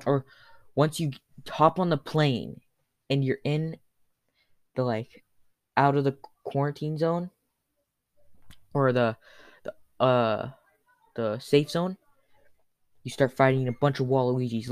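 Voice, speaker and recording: A young man telling a rambling, absurd comic story in a crude, cursing, hurried way. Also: medium pitch, no echo.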